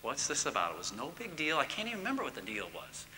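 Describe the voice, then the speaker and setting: A middle-aged man giving a church teaching talk, swinging from loud emphatic bursts to hushed near-whispers. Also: a little high, wildly swooping pitch, very fast, slight background noise. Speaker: marriage course speaker. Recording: long reverb in a large hall.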